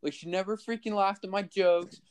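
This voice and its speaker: A young man co-hosting a podcast in casual chat, animated and jokey, venting and laughing. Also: sits high, moderate pace, clear, resonant tone. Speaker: podcast co-host.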